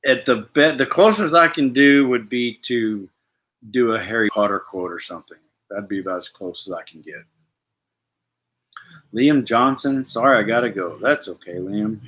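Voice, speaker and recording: A man's voice: medium pitch, normal speed, a bit bright. A man hosting a casual live stream, rambling and self-deprecating as he answers viewers' comments. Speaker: livestream host.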